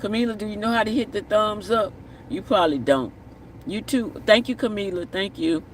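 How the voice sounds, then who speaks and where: On his live stream, a high-pitched man chats at a moderate pace, reads viewer comments aloud, repeats himself for emphasis, and closes with blessings. The audio is captured from a distance outdoors, with faint traffic and street sounds.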